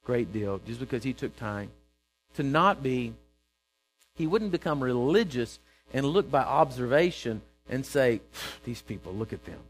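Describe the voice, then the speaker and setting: A man preaching a sermon, telling a story and acting out its characters with bursts of loud emphasis. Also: medium pitch, expressive, measured pace, faint music behind, low-quality recording.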